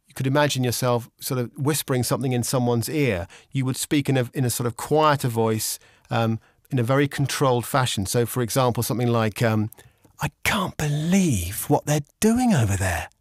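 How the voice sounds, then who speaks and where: Relaxed man explaining studio technique. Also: mid-range voice, dry recording. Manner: relaxed, explanatory, many ums and restarts. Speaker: instructor. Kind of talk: casual instructional explanation. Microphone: studio condenser microphone with pop shield.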